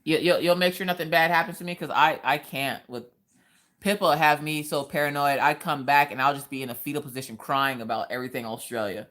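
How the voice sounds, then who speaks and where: A woman chatting casually on a craft livestream, reading viewer comments with animated, laughing reactions. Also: deep voice, a little fast. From Pennsylvania. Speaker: livestream host.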